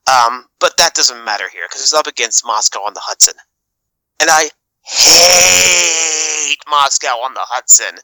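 A man's voice: medium pitch, bright, forceful tone, dry recording, rough recording. A man on a podcast panel, ranting sarcastically and cursing as he tears down a film. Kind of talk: casual chat.

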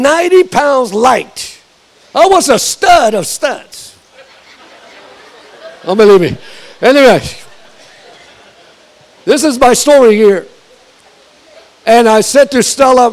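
An older male pastor with a strikingly high voice preaches a fiery sermon. He tells personal stories in a quick conversational way, then builds to shouted declarations.

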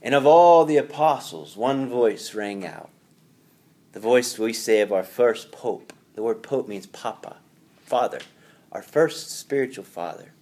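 A man's voice: mid-range voice, expressive, measured pace, darkish tone. A man teaching a Catholic Bible class to a room of students, talking in a conversational way with rhetorical questions.

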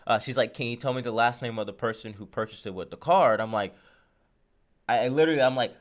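Male podcast host, casual storyteller who acts out the dialogue, average-pitched voice. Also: quick pace. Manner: animated retelling, acts out phone calls, laughs often.

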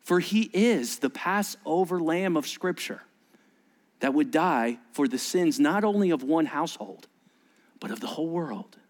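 A male pastor delivers a sermon in a fairly high voice. He preaches in a lively, conversational way, jumping up in pitch to act out the voices he quotes. He often turns to the congregation with questions. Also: measured pace. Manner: animated, acts out quoted voices with sudden rises.

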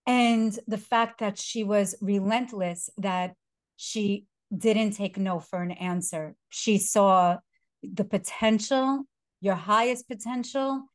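A woman hosting an interview, speaking earnestly and with emphasis, with some fillers. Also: medium pitch. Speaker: host. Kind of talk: emotional interview talk.

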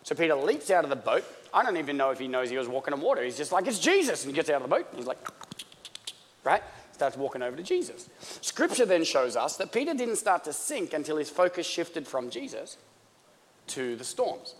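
A man's voice: on the high side, very animated, brisk, slight background noise. A man from Australia preaching a sermon in a conversational, joking manner that builds toward fervor. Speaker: pastor. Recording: long church-hall reverb.

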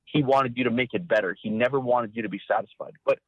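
A man recounting hunting stories as an interview guest, animated and acting out quotes in a raised voice. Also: medium pitch, quick pace, dry recording. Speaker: guest, former hunting cameraman. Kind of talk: storytelling interview. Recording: dry, phone-like narrow sound.

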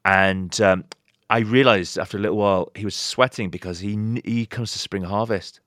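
Deep-voiced man telling stories. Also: a little fast, no room sound, studio quality. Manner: animated storyteller, voices quoted people with pitch jumps. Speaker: pastor and author, podcast guest. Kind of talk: casual podcast interview.

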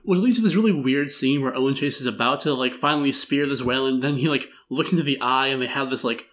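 A man's voice: medium pitch, fast, fairly bright tone. A man hosting a casual film review chat, wry and rambling, laughing through his jokes. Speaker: podcast host.

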